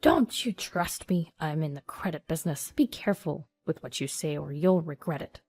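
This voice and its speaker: A woman's voice: sits low, expressive, moderate pace, darkish tone, slightly rough, exaggerated voice. Woman reading a menacing old man. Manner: blustering and menacing. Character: greedy, threatening old male steakhouse owner.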